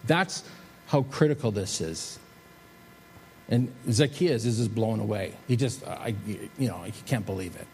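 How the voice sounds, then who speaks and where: A man preaching a sermon as a pastor, shifting between emphatic rises and soft, slowed drops. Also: on the low side, animated, breathy edge. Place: church sanctuary. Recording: reverberant hall with faint noise.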